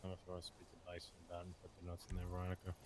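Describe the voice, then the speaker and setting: A man in casual role-play chat, blunt and brisk. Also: deep voice, monotone, a little mellow, a little hiss or hum.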